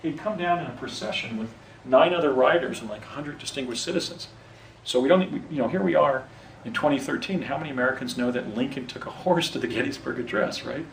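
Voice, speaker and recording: A man's voice: mid-range voice, fast, vocal fry, slight background noise. A man telling a personal story outdoors, often stopping to correct himself and restarting his sentences. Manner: rambling, self-correcting, with frequent restarts. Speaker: storyteller recounting a personal experience. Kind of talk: unscripted first-person account. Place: outdoors, on location. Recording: roomy echo, mic at a distance, faint ambience.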